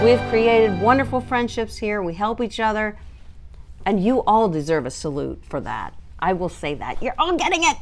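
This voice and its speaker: A woman dog groomer hosting a casual live stream, chatting and reading out viewer comments in an animated, laughing way. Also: mid-range voice, moderate pace, over music.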